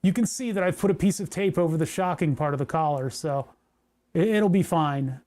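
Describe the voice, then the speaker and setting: A maker's casual livestream: he chats with his viewers as he works on hardware, rambling and joking throughout. The voice is fairly high and fairly quick, with a slightly mellow quality.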